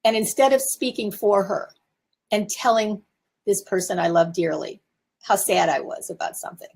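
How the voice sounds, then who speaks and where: A woman's voice: medium pitch, lively intonation, normal speed, vocal fry, a little mellow, slightly rough. A woman in her seventies, a therapist and teacher, giving candid, self-reflective coaching talk from her office. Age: 70s. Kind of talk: casual talk to camera.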